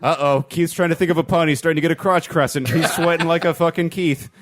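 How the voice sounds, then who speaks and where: A man's voice: fairly high pitch, fairly even intonation, quick pace, no room sound, studio quality. A man hosting a comedy podcast, reading out a listener's quiz game with crude jokes and mock-serious delivery. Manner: joking, crude, reads quiz options with mock gravity. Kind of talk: casual comedic podcast banter.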